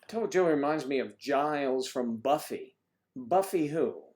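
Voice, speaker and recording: A man's voice: medium pitch, expressive, normal speed, darkish tone. A man hosting a casual livestream chat with viewers, rambling and joking with lots of fillers.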